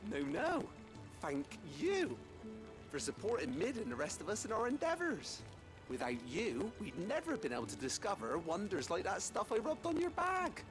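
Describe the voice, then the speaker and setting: A man's voice: high-pitched, wildly swooping pitch, moderate pace. An actor playing a cheerful male craftsman in a video game, talking chattily and persuasively. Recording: video game audio with music.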